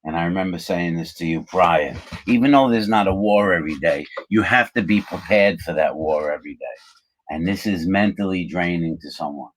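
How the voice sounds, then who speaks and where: Host, middle-aged man, very deep voice, measured and reflective delivery with fillers. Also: slight background noise. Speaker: channel host, former prisoner. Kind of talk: casual conversational chat.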